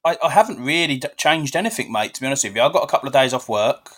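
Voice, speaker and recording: A man chats on a podcast in a subdued, low-key manner. He talks quickly, and his pitch moves in a lively way. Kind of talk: casual chat.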